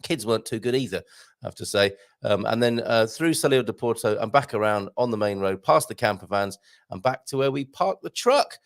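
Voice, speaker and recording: A man's voice: on the low side, animated, brisk, gravelly. A man hosting a live morning show, chatting casually and joking with his viewers. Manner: jokey, playful, chatty. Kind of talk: casual live-stream chat.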